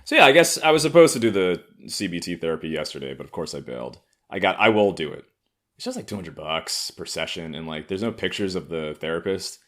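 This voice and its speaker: A man's voice: deep voice, big pitch swings, quick pace. A man in his thirties from Harlem, hosting a solo comedy podcast with sardonic, profane riffing. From Harlem, New York. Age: 30s. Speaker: podcast host.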